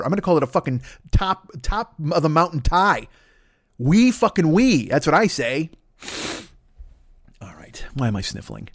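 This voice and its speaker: A man's voice: on the high side, no room sound, studio quality. A man delivering a crude, rambling comedic monologue as a podcast host, swearing constantly and slipping into songs and voices. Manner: profane, rambling, bursts into singing and put-on voices.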